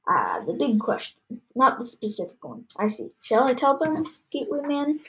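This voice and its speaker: A woman's voice: high voice, lively intonation, moderate pace, fairly bright tone, a little hiss or hum, voice pushed up, poor audio. A woman reading aloud the part of a tall scaly alien mother, cold, contemptuous and clipped. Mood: mocking. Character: towering scaly female reptile alien mother, bitter and haughty.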